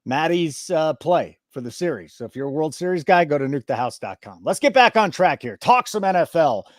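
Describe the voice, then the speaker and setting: A man hosts a sports betting show, his voice bouncing up and down as he jokes and plays mock-offended. He sits a little high for a man and sounds close and dry. It is loose, fast-moving banter. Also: no room sound. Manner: animated, joking, mock-indignant. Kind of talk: casual betting podcast banter.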